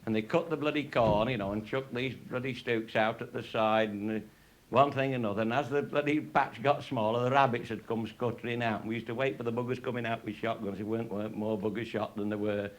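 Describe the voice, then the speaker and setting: A man's voice: medium pitch, steady tone, fairly quick. A man telling comic anecdotes in a rambling, salty way, swearing constantly and laughing at his own jokes. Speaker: raconteur.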